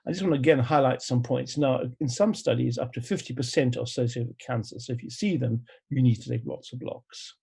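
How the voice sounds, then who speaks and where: A man lecturing in an academic talk, with a gravelly, husky voice. His tone is dark and mellow, and he explains things in a measured way with frequent "uh" pauses. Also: mid-range voice. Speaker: pathology professor giving a conference lecture. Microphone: remote talk recording.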